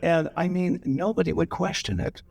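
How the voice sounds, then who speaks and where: On a cinema stage before a live audience, an older man who is a guest actor at a screening Q&A tells loose, profane anecdotes, laughing as he rambles. His voice is a little high with some vocal fry, and he talks at a normal speed.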